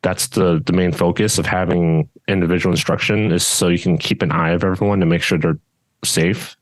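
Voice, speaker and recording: A man who teaches judo, chatting casually on a podcast in a steady tone that barely changes, with frequent restarts and fillers. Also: sits low, brisk, no echo. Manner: steady tone that does not rise even when louder; rambling, with many restarts and fillers. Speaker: judo instructor and podcast co-host.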